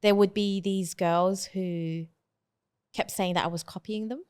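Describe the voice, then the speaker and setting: A woman's voice: mid-range voice, fairly even intonation, unhurried, darkish tone, clear, resonant tone. A woman in her twenties from Hong Kong, a podcast guest telling her story in a casual, hesitant way with lots of fillers and restarts.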